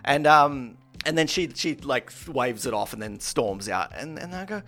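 Animated man with a gravelly voice. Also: medium pitch, normal speed, soft background music. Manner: animated, loud when acting out a quarrel. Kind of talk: casual storytelling chat.

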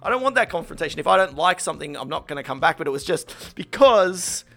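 A young man in casual podcast chat, telling a story with lots of swearing and acting out quotes in a high voice. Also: sing-song, quick pace, creaky, bright, forceful tone. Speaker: podcast host.

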